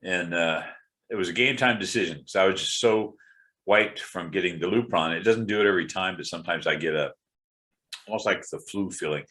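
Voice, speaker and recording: A middle-aged man with a very low voice talks through a casual personal update. He sounds congested and tired, rambling candidly with frequent fillers and restarts. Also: brisk, bright, forceful tone. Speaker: video blogger.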